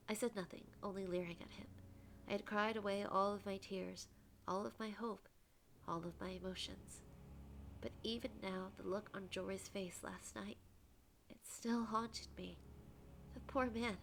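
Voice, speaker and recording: Low gravelly woman narrating a game, dramatic reading with wry asides, faint hiss. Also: steady tone, moderate pace, a bit bright. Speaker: gamer reading a visual novel aloud. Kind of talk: reading narration with casual commentary.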